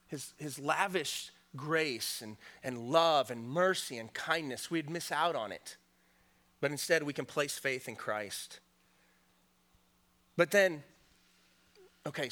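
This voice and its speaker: Earnest bright-voiced male preacher. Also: on the high side. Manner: earnest, repeats words, many fillers, rises to emphatic peaks. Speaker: pastor. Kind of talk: sermon.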